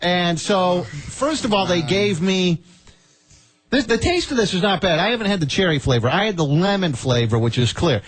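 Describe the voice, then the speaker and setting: A man's voice: high voice, lively intonation, moderate pace. A man hosting a radio show, joking with his co-hosts and reading a listener's email aloud, often laughing. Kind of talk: casual radio banter.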